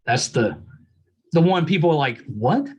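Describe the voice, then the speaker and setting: West Virginia man with a lively voice. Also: fairly high pitch, normal speed. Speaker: podcast host. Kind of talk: casual interview chat.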